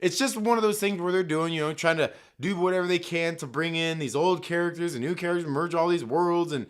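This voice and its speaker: A man's voice: a little high, fairly quick, smooth. A man hosting a casual film review, rambling and heated, swearing often and stacking fillers. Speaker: movie commentary host.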